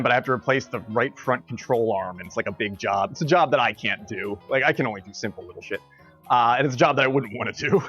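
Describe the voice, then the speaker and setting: A man's voice: medium pitch, a bit bright. A man live-streaming, telling a story in a loose, rambling way with frequent laughs and restarts. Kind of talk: casual storytelling on a livestream.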